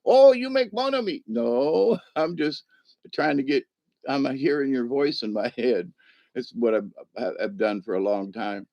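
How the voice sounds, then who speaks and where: A man's voice: mid-range voice, unhurried, vocal fry, no echo, lo-fi sound. A man hosting a casual livestream, rambling through stories, laughing often and answering the chat. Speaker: livestream host.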